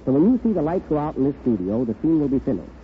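A man's voice: on the high side, big pitch swings, racing. A man hosting a 1930s radio comedy show, introducing the acts with dry wisecracks. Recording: tinny, hissy 1930s radio broadcast.

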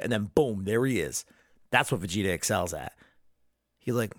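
A man's voice: fairly low pitch, brisk, pauses often, dry recording, studio quality. A young man hosting a podcast, giving a casual, profanity-laced, enthusiastic fan recap of a cartoon episode. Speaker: podcast host.

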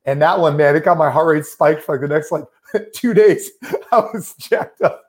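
Brief: thirties man, slightly high voice, rambling podcast storyteller, full of "like" and "you know". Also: moderate pace. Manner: animated storyteller, many fillers like "like" and "you know". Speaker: podcast co-host.

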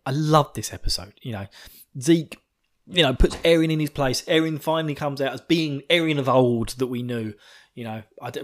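A man hosting a podcast, recapping an episode in a rambling, giggly way full of swearing, buzzing on coffee. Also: a little high. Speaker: podcast host.

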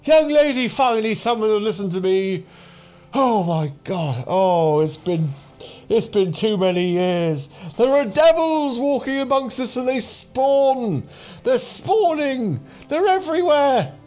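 A man voicing a haggard, prematurely aged doomsayer who rants and shouts warnings about devils. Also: very high-pitched, animated, measured pace, pitched above the performer's own voice. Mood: frantic.

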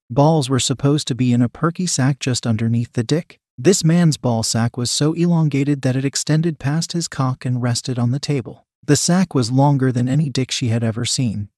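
A man reading an erotic story aloud in an even, measured way. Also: mid-range voice, no room sound, clean studio sound. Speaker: narrator.

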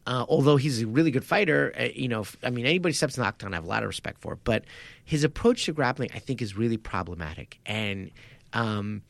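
Animated gravelly man chatting about fights. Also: mid-range voice, fast talker, dry recording. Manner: animated, laughs often, acts out his own reactions. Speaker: podcast co-host. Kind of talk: casual sports chat.

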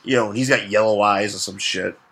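A man's voice: on the low side, fairly even intonation, a little fast, creaky, sharp tone, breathy edge. Rambling man co-hosting a comic chat. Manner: rambling, many fillers, swears casually. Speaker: podcast co-host. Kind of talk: casual comic-book chat.

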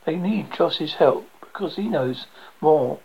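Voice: medium pitch, animated, slow, vocal fry, lo-fi sound, slight background noise. A storyteller voicing an anxious mother who pleads on behalf of others. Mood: worried. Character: worried, protective young mother.

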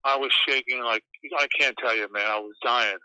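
A man guest in an interview, telling stories in an animated, rambling way and swearing casually. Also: mid-range voice, fairly quick, clean tone, no room sound. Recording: dull lo-fi sound.

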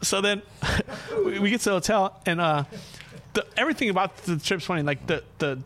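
A man hosting a podcast, telling a rowdy road-trip story in casual chat, acting out quotes with sudden jumps in voice and frequent laughter. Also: brisk. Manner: animated, profane, acts out quotes with big pitch jumps and laughs.

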